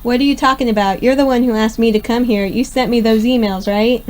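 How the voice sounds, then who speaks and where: A woman's voice: fairly high pitch, steady tone, a little fast, darkish tone, a little hiss or hum, lightly acted. A woman voicing a reluctant, evasive young man in a visual novel, matter-of-fact and defensive. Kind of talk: reading a visual novel aloud.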